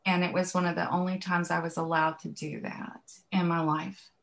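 A woman's voice: on the low side, little pitch movement, moderate pace, fairly bright tone. A woman in her late fifties with a Southern US accent, a podcast guest speaking candidly in a casual interview. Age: 50s.

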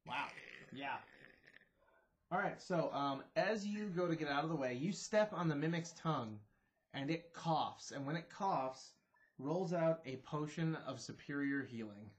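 A man's voice: a little high, animated, unhurried. A man narrating as game master, playful and a bit rambling, laughing between beats.

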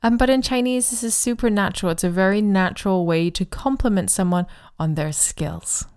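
Woman co-host, friendly explainer of Chinese grammar, slows down to model phrases. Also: medium pitch, darkish tone, clear, resonant tone. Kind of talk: podcast language lesson.

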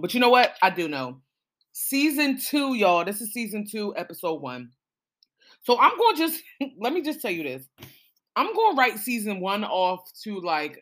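A woman's voice: on the low side, a bit bright. A woman in her thirties hosting a casual solo podcast, chatty and rambling, swearing freely and calling her listeners y'all. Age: 30s. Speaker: podcast host.

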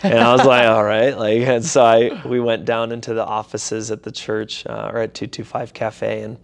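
A man's voice: medium pitch, flat delivery, normal speed, gravelly. A young adult man, a pastor, telling a personal story casually in an interview and animatedly acting out quoted voices.

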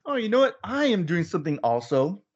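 A relaxed man hosting a podcast, joking easily with his co-host. His voice sits at an ordinary pitch. The recording sounds a little dull and lo-fi. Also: brisk. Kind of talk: casual chat.

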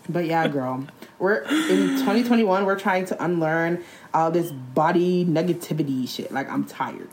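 A young woman in casual chat, blunt and animated, talking in slang with many "like"s. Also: low voice, moderate pace, noisy background.

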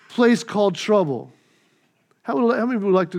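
A man preaching a sermon, telling a story with lively acted-out voices before he turns to his text. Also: sits high, moderate pace, gravelly, pauses often. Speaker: pastor.

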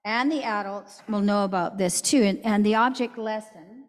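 A woman giving a church object lesson for children, explaining things simply and gently. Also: medium pitch, moderate pace, long reverb tail. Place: church sanctuary.

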